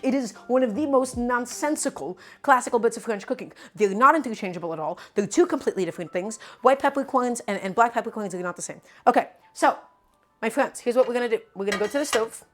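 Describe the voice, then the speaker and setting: Emphatic higher-voiced woman cooking live. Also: fast, faint music behind. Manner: emphatic and animated, repeats herself, calls viewers "my friends". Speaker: cooking streamer. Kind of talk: live cooking demonstration, chatting with viewers. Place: home kitchen.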